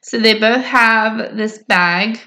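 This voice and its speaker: A woman's voice: fairly high pitch, takes it slowly, bright, forceful tone. A woman casually recapping a story in a rambling, chatty way with lots of fillers. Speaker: podcast co-host recapping episodes. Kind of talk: casual chat.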